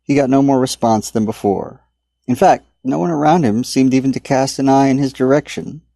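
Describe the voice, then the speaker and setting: A man reading his own dark story aloud in a measured audiobook narration. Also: medium pitch, creaky, dry recording. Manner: steady, measured dramatic reading.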